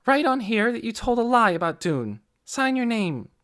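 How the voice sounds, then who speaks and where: A man doing a young girl, indignant, pressing, high voice, very lively pitch, dry audiobook sound. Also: normal speed, full character voice. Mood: insistent. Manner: pressing, accusing.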